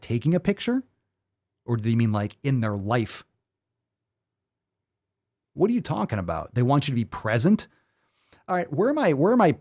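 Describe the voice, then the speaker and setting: A man's voice: medium pitch, darkish tone. Sarcastic man ranting on a live stream. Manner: sarcastic, profane, incredulous rants. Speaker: fitness show host.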